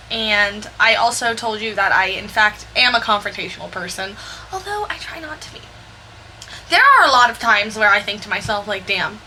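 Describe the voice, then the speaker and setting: Young woman, bright and a bit high-pitched, rambling storytime voiceover with faint noise behind. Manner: rambling, candid and animated, with quick asides. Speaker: Sims builder narrating her speed build.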